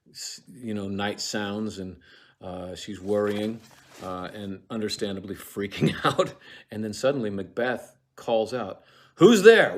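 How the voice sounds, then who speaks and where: Low-voiced man lecturing casually, slow. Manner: drops to a whisper when reciting verse, then lively retelling; casual and profane, many fillers and restarts. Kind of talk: casual lecture on a play with recited lines.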